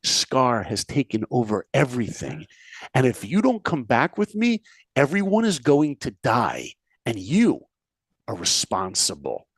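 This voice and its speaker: A man with a very lively, swooping pitch tells a story, jumping into characters' voices and firing questions at his listener. The sound is dry and close, with no room echo. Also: unhurried, slightly rough. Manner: animated, acts out characters' lines, asks the listener questions. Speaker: podcast guest, speaker and filmmaker. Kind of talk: animated storytelling in conversation.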